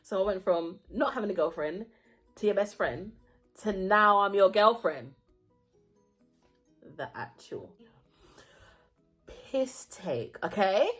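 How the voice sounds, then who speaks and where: A woman's voice: mid-range voice, takes it slowly, pauses often. A young woman tells a story to camera in a casual, chatty way. Her voice swings widely as she acts out each person in it. Faint music plays behind her. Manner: animated, acts out voices, laughs often. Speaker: vlogger.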